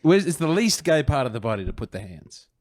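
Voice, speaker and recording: Australian man, podcast co-host, dry deadpan delivery, lively rising and falling pitch, close dry mic. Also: fairly quick, dry recording. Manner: dry, mock-serious arguing. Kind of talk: casual comedy podcast banter.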